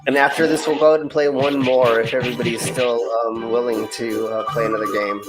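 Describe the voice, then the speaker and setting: A relaxed man hosts a game-night stream, trading easy banter and laughing along with his guests. Loud game music plays behind him. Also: medium pitch, fairly quick, low-quality recording. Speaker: stream host.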